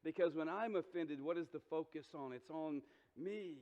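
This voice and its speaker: Pastor with a drawl in a reverberant church. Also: male voice, a little high, moderate pace. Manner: earnest, repeats words when starting sentences, direct questions to the congregation. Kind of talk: sermon. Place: church sanctuary. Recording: dull sound with long hall reverb.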